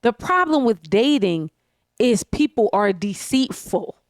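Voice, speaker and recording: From her living room couch, a woman co-hosting a podcast rants bluntly and emphatically, swearing freely in casual chat. Her voice is a little high, expressive and a little slow. The studio-quality audio has no echo.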